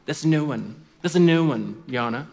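A man's voice: fairly high pitch, expressive, moderate pace, darkish tone, close to an everyday voice. A man acting out a snooty court clerk who sneers at a widow. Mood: sneering. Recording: long reverb of a large hall.

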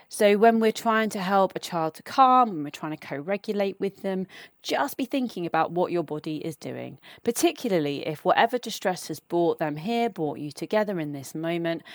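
A woman hosting a podcast and calmly explaining steps for supporting children, in a measured, step-by-step way. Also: lowish voice, no room sound, studio quality. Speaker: podcast host and educator. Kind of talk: instructive podcast talk.

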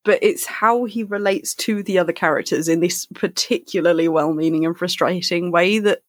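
A woman co-hosting a book podcast, recapping the plot in quick alliterative summaries and chatting casually. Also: fairly low pitch, no room sound, clean studio sound. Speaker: podcast co-host.

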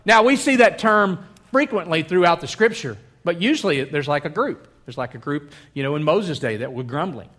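A man preaching a sermon, animated, acting out the voices of the crowd. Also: a little high, normal speed. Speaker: pastor.

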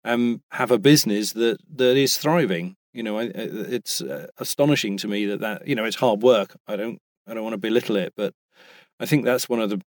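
A man's voice: fairly low pitch, brisk, no room sound. British man, dry close mic. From Britain. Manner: chatty, hesitant with frequent restarts. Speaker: voice actor, guest. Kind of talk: casual interview chat.

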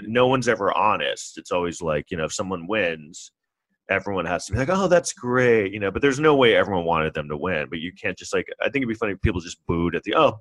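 A man in his forties with a New York accent talks through a loose, rambling podcast monologue, poking fun at himself. His voice sits low, and the sound is dry and close with no room around it. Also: fairly bright tone, no echo. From New York City. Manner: rambling, self-deprecating, acts out others in mocking high voices. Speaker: podcast host. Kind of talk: casual solo monologue.

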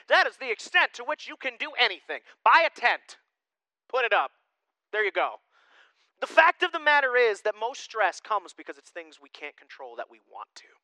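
A male pastor preaching a sermon in a casual, animated way, swinging from loud emphasis to hushed asides. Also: high-pitched, moderate pace, dry recording, poor audio.

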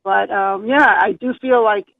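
An older woman with a New York accent calls in to a show and talks in a halting, rambling way. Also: medium pitch, fairly even intonation, vocal fry, dry recording. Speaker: caller. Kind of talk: phone-in call. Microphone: telephone. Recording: tinny phone line.

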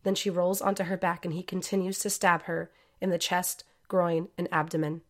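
A woman narrating a true-crime story in a measured, scripted way. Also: fairly low pitch, little pitch movement.

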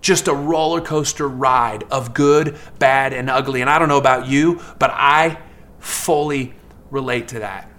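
A man preaching a sermon in a lively, conversational way, acting out characters in quick asides. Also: medium pitch. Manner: animated, acts out characters in asides; fast, conversational preaching with many fillers. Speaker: pastor.

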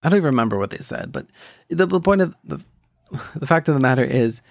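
Gravelly young man sharing a faith story. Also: medium pitch, sing-song, no echo, clean studio sound. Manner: rambling, halting, many restarts and fillers. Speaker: podcast host. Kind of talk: personal faith testimony.

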